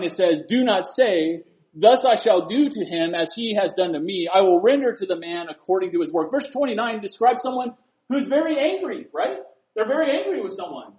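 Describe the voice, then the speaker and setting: Animated high-voiced male preacher. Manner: animated preaching, swings from loud to hushed. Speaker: pastor. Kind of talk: sermon. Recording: echoey room, dull lo-fi sound.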